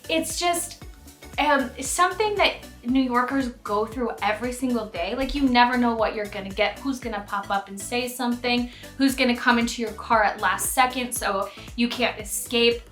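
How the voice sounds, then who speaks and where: Bright chatty young woman storyteller. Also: fairly high pitch, normal speed. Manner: chatty, animated, many fillers and acted-out quotes. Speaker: vlogger. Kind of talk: casual storytime monologue. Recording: echoey room with faint music.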